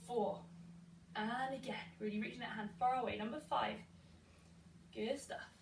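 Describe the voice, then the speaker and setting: A woman's voice: a little high, fairly even intonation, normal speed, creaky, far from the mic. A young woman guiding a pilates workout, counting reps aloud in an encouraging way. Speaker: pilates instructor. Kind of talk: guided workout instruction. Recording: echoey room, voice from afar, faint hiss.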